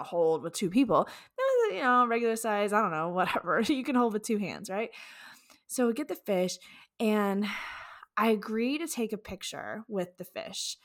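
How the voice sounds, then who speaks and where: Animated, laughing woman podcast host. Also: medium pitch. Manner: animated, profane, laughing storyteller. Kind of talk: casual storytelling monologue.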